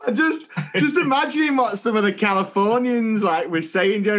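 A man's voice: high voice, normal speed, few pauses, a bit bright. A man co-hosting a teachers' podcast, chatting casually with playful, teasing banter. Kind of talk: casual chat.

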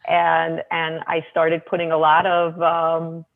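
A woman's voice: sits low, monotone, slow pace. A woman guest author telling parenting anecdotes in casual chat, full of "you know" and small restarts. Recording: tinny phone line.

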